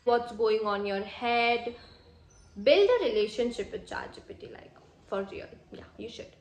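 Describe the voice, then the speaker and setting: Young woman, casual vlog chat, bright higher voice, echoey room, faint hiss. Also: a little slow. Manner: chatty, enthusiastic, lots of "like". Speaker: vlogger. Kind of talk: casual vlog talk to camera.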